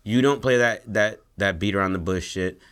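Podcast co-host, deep-ish voice, loose profane storyteller. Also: male voice, normal speed, a bit bright, smooth. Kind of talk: casual chat, pitching a story idea.

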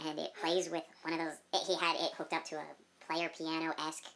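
A woman in casual chat, playfully chiming in with quick asides. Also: deep voice, little pitch movement, a bit bright.

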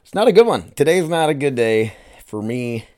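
A man's voice: mid-range voice, big pitch swings, normal speed, darkish tone, no echo, studio quality. A man hosting his own podcast, rambling, swearing and emotional, calling the listeners "you guys.". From United States. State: emotional, choked up. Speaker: podcast host. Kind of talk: casual solo podcast monologue.

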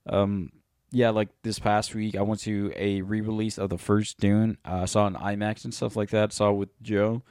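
A man's voice: lowish voice, little pitch movement, normal speed, few pauses, a little mellow, smooth, dry recording, clean studio sound. A man co-hosting a podcast in loose, rambling casual chat, swearing often. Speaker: podcast co-host.

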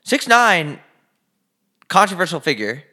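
This podcast co-host has a bright, forceful, high-sitting voice with big pitch swings, and he sounds a bit out of breath. Speaking casually from his living room, he rants in fast, emphatic, profane bursts.

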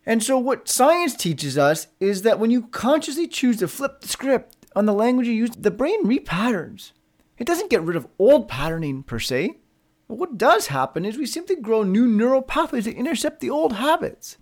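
A man hosting a solo motivational podcast, talking casually and bluntly, swearing freely and asking his listeners rhetorical questions. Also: moderate pace. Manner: lively, pitch rises when upbeat. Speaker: podcast host.

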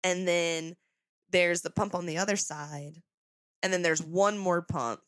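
A young adult woman hosting a podcast, telling a story in a casual, sarcastic, animated way. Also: lowish voice, unhurried, no echo. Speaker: podcast host.

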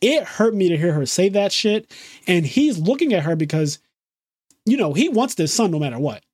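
Man, fairly high voice, dry close sound, animated casual chat, swears a lot. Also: normal speed, breathy edge, dry recording. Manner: animated, swears freely, quotes dialogue. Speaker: podcast co-host. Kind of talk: casual chat about a TV show.

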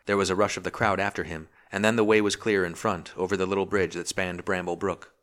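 A man narrating a historical novel as an audiobook in a steady, measured reading. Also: sits low. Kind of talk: scripted narration.

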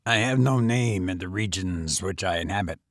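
A man's voice: mid-range voice, sing-song, takes it slowly, gravelly, a bit bright, husky, no room sound, studio quality, exaggerated voice. A man voicing a mournful, gibbering male fiend who was once a merciless mortal, pleading in archaic speech in a storybook reading.

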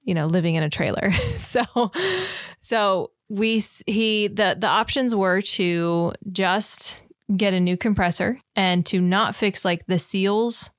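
A woman's voice: mid-range voice, slow pace, dry recording, clean studio sound. A woman co-hosting a casual podcast with her husband, laughing often and explaining money choices in a practical way. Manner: laughs often, talks things through with practical reasoning. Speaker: podcast co-host. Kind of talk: casual chat.

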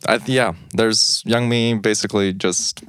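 A man's voice: on the low side, fairly even intonation, moderate pace, a bit bright, clean tone, no echo, clean studio sound. A man hosting a podcast, earnest and hesitant in casual chat. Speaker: podcast host.

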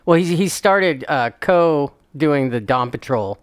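Giggly, joking podcast co-host. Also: male voice, fairly high pitch, expressive, slow pace, dry recording, studio quality. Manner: joking, laughs often. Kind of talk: casual podcast banter.

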